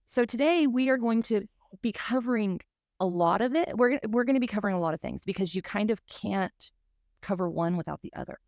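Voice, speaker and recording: A woman's voice: medium pitch, expressive, fairly quick, a little mellow, dry recording. Lady podcaster, earnest and emotional, dry close mic. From South Mississippi. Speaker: podcast host. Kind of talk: casual podcast chat.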